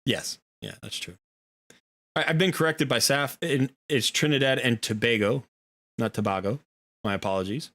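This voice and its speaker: A man's voice: medium pitch, lively intonation, moderate pace, sharp tone. A middle-aged American man hosting a game stream, talking in a rambling, casual way full of fillers and restarts. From United States. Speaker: streamer and host. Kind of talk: casual chat while gaming.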